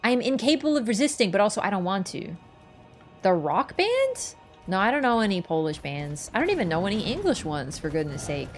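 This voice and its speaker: A woman's voice: mid-range voice, very animated, brisk, soft background music. A woman streaming a game, chatting casually in a playful, teasing, rambling way. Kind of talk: casual chat while gaming.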